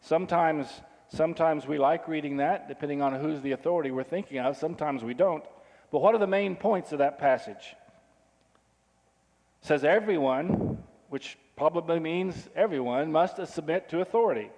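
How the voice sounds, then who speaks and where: Speaking at a moderate pace, a pastor gives a conversational sermon, putting frequent questions to his listeners. His voice is fairly high in pitch with a darkish tone, and long hall reverb surrounds it.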